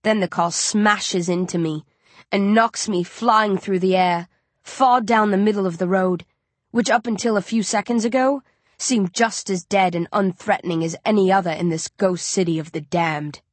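A woman's voice: mid-range voice, fairly even intonation, normal speed, no room sound. Casting: female audiobook narrator, tense first-person storytelling, dry close studio sound, mid-range voice.

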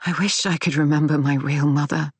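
A woman doing a bitter crisp middle-aged daughter. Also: low voice, steady tone, brisk, no room sound. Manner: crisp, hard-edged.

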